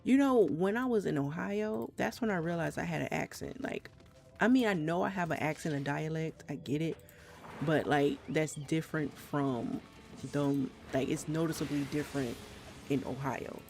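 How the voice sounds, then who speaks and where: A live streamer with a slight Trinidadian accent, talking at an ordinary middle pitch in a loose, rambling way. The speech is frank and full of swearing, with thoughts restarted again and again. Faint game music plays underneath. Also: normal speed, vocal fry, a little mellow. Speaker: gameplay streamer. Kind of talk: casual live-stream chat. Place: home, South Florida.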